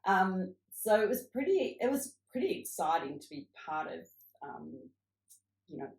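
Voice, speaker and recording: A woman's voice: medium pitch, sing-song, normal speed, a little mellow. A middle-aged woman, a cosmetics founder, telling upbeat stories from her career in a casual interview. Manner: reflective storytelling, upbeat. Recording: echoey room.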